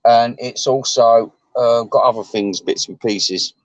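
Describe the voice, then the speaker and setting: A man chatting to his viewers in a rambling, sweary way, chuckling often and jumping his voice up high. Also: a little slow, no room sound, lo-fi sound. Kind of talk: casual rambling chat.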